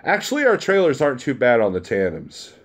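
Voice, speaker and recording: A man's voice: mid-range voice, wildly swooping pitch, fairly quick. A man who drives a truck, chatting casually on a live stream and reading out viewer comments in a blunt, chummy way, laughing easily.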